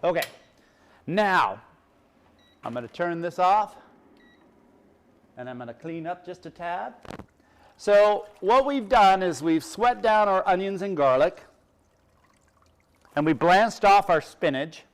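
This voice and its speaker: A man's voice: sits high, lively intonation, takes it slowly, pauses often, smooth. A middle-aged man, a chef, giving a chatty cooking demonstration and explaining each step as he works. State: teary from onions.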